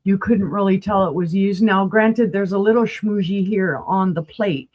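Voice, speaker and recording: A woman's voice: medium pitch, moderate pace, lo-fi sound. Chatty woman with a New Mexico accent. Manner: chatty, folksy, describes items closely to viewers. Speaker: guest seller on a live auction stream. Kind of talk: casual live-sale chat.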